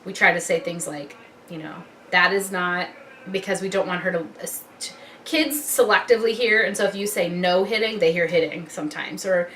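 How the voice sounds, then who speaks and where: A woman's voice: fairly low pitch, brisk, sharp tone. Young woman, mom vlogger, casual rambling chat; distant mic, faint noise. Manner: chatty and rambling, loses her train of thought.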